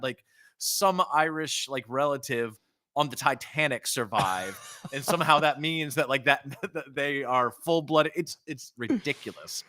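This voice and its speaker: Animated American man, bright voice. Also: mid-range voice, normal speed, no room sound, studio quality. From United States. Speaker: podcast co-host. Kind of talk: casual chat.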